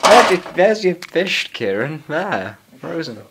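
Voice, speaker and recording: A man's voice: fairly high pitch, big pitch swings, slow pace, very noisy. A young man chatting playfully over lunch at home, teasing his friends and laughing a lot. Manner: playful, teasing, laughs often, sings silly songs. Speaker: vlogger. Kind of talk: casual joking chat over lunch. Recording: clattering dishes and cutlery behind.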